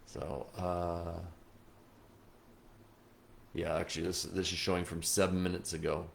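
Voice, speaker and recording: A man hosting a late-night livestream as a psychic medium, reading viewer comments at his computer, moving between soft, slow reflection and excited chatter. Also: deep voice, vocal fry, slight background noise. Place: indoors at a computer.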